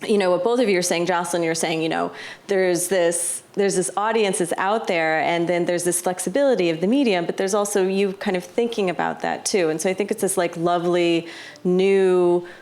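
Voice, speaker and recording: A woman's voice: fairly low pitch, fairly even intonation, a little fast, darkish tone. A woman moderating a panel talk, thoughtful and hesitant, often saying "you know". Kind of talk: casual panel conversation. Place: gallery talk before a live audience.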